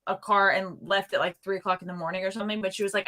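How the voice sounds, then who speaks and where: Bright-voiced blunt woman teasing. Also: lowish voice, fairly even intonation. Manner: blunt, teasing, quick to interject. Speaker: guest. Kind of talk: casual gossip chat.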